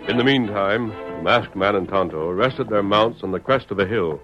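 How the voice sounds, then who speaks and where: A man's voice: on the low side, moderate pace. A man narrating a 1940s radio western in a dramatic, urgent storytelling manner. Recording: dull old radio recording with music.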